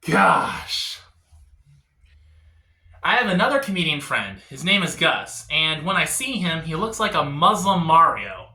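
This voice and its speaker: A man doing a stand-up comedy set on a live stage, telling animated stories and jumping into voices. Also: fairly high pitch, normal speed, few pauses. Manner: jumps between voices, animated storytelling. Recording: echoey room.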